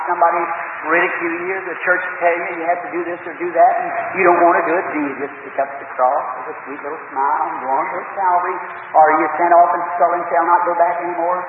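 A man's voice: fairly high pitch, distant mic. A man preaching a fervent revival sermon and altar call, pleading with his congregation. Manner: fervent, rising to pleading cries. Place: church hall. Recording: roomy hall from afar, phone-like lo-fi, noisy.

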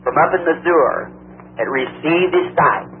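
A woman's voice: low voice, animated, normal speed, slight background noise. A man preacher voicing a polite young blind woman searching for her lost father, in a raised, pleading voice on a tinny old recording. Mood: earnest. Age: young adult.

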